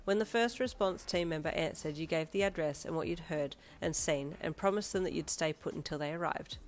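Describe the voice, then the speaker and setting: A woman narrating a second-person fanfiction story with dramatic, expressive delivery. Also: low-pitched, a little fast.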